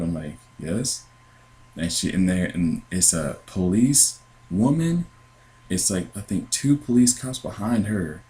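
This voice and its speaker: A man's voice: sits low, a little mellow, low-quality recording. A man telling his dreams in a casual, earnest testimony, meandering with many fillers and restarts. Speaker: Christian podcaster sharing dreams. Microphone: computer with headphones.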